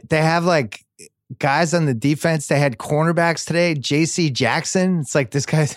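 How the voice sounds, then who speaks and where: A man hosting a sports podcast, chatting casually with mock-sentimental excitement in quick rising bursts. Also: mid-range voice, no echo, clean studio sound. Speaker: podcast host.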